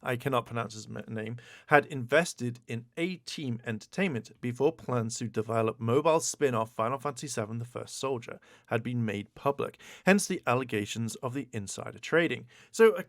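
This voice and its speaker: A man hosting a casual video, commenting on gaming news in an animated, exclaiming way with stammered repeats. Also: mid-range voice, normal speed, hardly any pauses, no echo, studio quality. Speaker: YouTube host.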